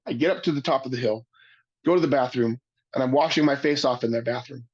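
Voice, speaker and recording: A man's voice: medium pitch, brisk, breathy edge, dull audio. A man telling his life story. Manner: earnest storytelling with frequent restarts. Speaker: webinar speaker. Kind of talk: personal testimony talk.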